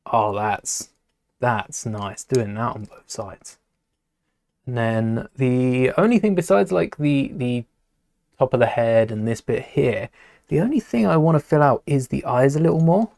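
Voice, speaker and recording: A man's voice: medium pitch, lively intonation, unhurried, vocal fry, a little mellow, no room sound, clean studio sound. A man talking casually to a live stream as he builds with LEGO, rambling, muttering to himself and greeting viewers in chat.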